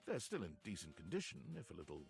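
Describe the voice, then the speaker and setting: A man narrating a video game in calm, measured second-person storytelling. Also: deep voice, vocal fry, soft background music, heavily acted.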